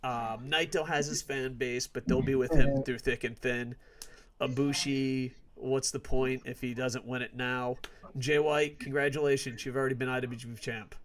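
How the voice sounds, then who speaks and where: A man's voice: medium pitch, fairly even intonation, normal speed. Foul-mouthed male podcast host, emphatic and sarcastic, casual ranting predictions.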